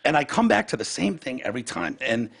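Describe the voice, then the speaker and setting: A man's voice: medium pitch, big pitch swings, fairly quick, gravelly, fairly bright tone, husky. A man hosting a podcast in casual chat, ranting heatedly and profanely and acting out other people's words. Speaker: podcast host.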